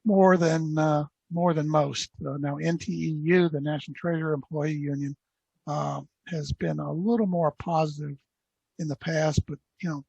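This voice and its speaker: A man adding a comment on a meeting call, measured and stressing key words. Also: fairly high pitch, fairly even intonation, gravelly, darkish tone, husky, dry recording, lo-fi sound. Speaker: association member on a call.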